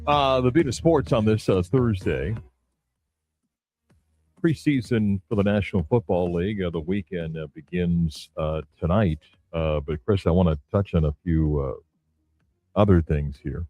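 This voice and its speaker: Low, dark-voiced sports radio host. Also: male voice, unhurried, soft background music. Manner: loose and conversational, many fillers. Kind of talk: casual sports talk. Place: radio studio.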